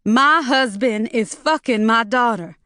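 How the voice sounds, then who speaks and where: A woman's voice: a little high, measured pace, pushed and bright, no echo, clean studio sound, pitched above the performer's own voice. A woman reading an audiobook and voicing a distraught, furious middle-aged woman in a raised, strained, tearful voice. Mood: anguished.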